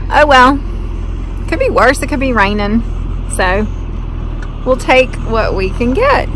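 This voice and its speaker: A middle-aged North Carolina woman with a drawl and a voice that sits high chats at length to camera, unhurried and at home like a farm vlogger. She rambles into side stories and teases herself, first outdoors on a muddy farm, then in a home kitchen, with background noise throughout.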